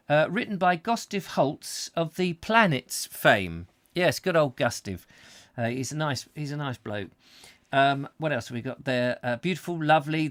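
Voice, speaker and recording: A man's voice: mid-range voice, a bit bright, no room sound. A man hosting a casual chat show, reading out viewer comments in a rambling, jokey way with many fillers. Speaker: host.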